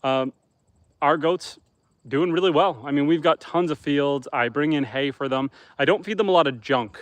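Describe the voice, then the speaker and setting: A Canadian homesteader chats casually on a livestream from beside an outdoor campfire, reading viewers' comments aloud and answering them. His voice is fairly high-pitched and he speaks at a normal speed, with no echo.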